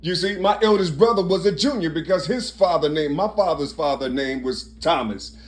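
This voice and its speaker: A man's voice: a little high, normal speed. Rambling, profane man repeating himself. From Cincinnati, Ohio. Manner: repetitive, digressive, profane, often laughing. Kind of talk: rambling personal monologue.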